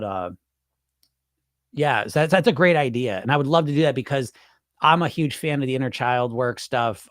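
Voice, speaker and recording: A man who coaches weight loss through hypnosis hosts a casual live chat, answering viewers' comments candidly, swearing freely and repeating himself. His voice is fairly low, recorded dry with studio quality.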